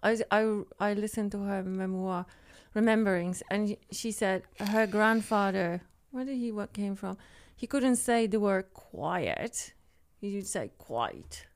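Female co-host with a mid-pitched voice, short agreeing replies in relaxed conversation. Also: unhurried, few pauses. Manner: brief, agreeing, chiming in. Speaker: podcast co-host. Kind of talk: casual chat.

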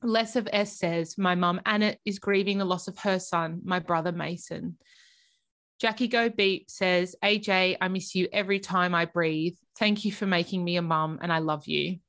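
A woman's voice: on the low side, steady tone, normal speed, a bit bright. A young woman co-hosting a casual podcast, chatty and emotional, filling her talk with "like" and the odd swear word. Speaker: podcast co-host.

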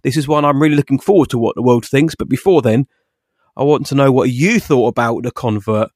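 A man's voice: mid-range voice, fairly quick, darkish tone, no echo, clean studio sound. A young English man co-hosting a podcast, with jokey, theatrical patter. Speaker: podcast co-host. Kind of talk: casual chat.

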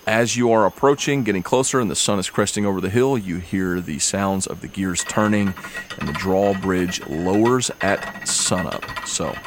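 A man narrating a tabletop game as game master, relaxed and halting with fillers. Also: sits low, background noise.

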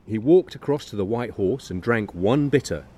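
A man's voice: fairly low pitch, animated, moderate pace, mellow, husky. A man co-hosting a podcast, chatting casually and enthusiastically outside on a residential street, laughing easily. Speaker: podcast co-host. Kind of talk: casual chat on a walking tour. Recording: recorded outside with street ambience.

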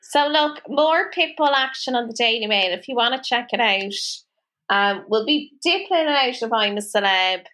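Bright-voiced woman telling a funny story. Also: on the high side, moderate pace. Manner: animated storytelling, laughs often, acts out quotes. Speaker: podcast co-host. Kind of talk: casual chat.

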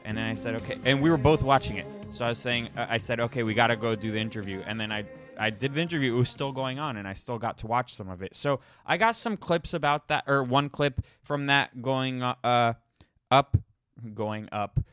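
Bright, rambling male podcast host. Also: medium pitch, a little fast, faint music behind. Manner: rambling, with frequent restarts and repeated words. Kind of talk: casual solo monologue.

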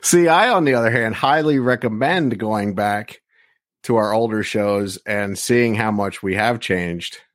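Podcast co-host, male, low voice, dry close mic, rambling casual delivery. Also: unhurried, no echo. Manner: rambling, many restarts.

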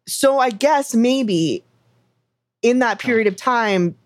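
A woman with a fairly high voice rambles through a casual comedy podcast, stacking fillers and laughing as she goes. The sound is dry and close to the mic, with no room around it. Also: lively intonation, slow, no room sound. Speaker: podcast co-host.

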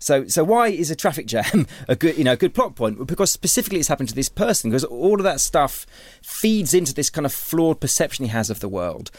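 A man's voice: fairly high pitch, big pitch swings, brisk, hardly any pauses, no room sound. Man, author-teacher, rambling interview talk, lots of restarts, dry sound. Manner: rambling, many restarts and repeated words. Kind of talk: conversational interview.

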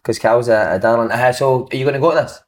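A man on a football podcast, talking quickly in a laddish, easygoing way. He swears freely and slips into dressing-room stories between bits of banter. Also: mid-range voice. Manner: laddish, swears, tells anecdotes. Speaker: podcast co-host. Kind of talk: casual football chat.

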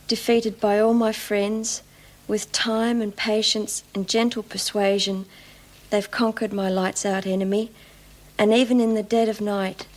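An actress plays an earnest young prisoner reading a poem aloud. She takes it at a slow, unhurried pace, each line measured and solemn. The sound is a clip from a television drama. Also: mid-range voice, close to an everyday voice, rough recording.

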